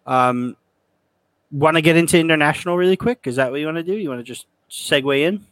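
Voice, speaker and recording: A man's voice: on the high side, fairly bright tone, clear, resonant tone. A young man co-hosting a football podcast, chatty and joking in casual talk. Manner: chatty, joking, quick restarts. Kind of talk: casual chat.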